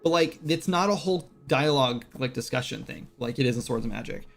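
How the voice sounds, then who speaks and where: A man's voice: mid-range voice, lively intonation, brisk, gravelly, faint music behind. A man hosting a casual game-development live stream, rambling with lots of "like" and "right?" fillers. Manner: quotes game characters in brief voices.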